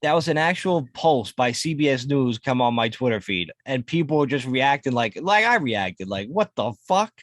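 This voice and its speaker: A man's voice: mid-range voice, very animated, moderate pace, hardly any pauses, no echo, studio quality. A man co-hosting a podcast, profane and mocking, laughing through his stories. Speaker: podcast co-host. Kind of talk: casual chat.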